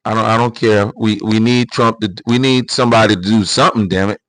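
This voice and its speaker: A man's voice: fairly low pitch, fairly even intonation, brisk, a bit bright, dry recording, poor audio. A man hosting a livestream, giving casual political commentary in an emphatic, repetitive way full of rhetorical questions. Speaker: livestream host.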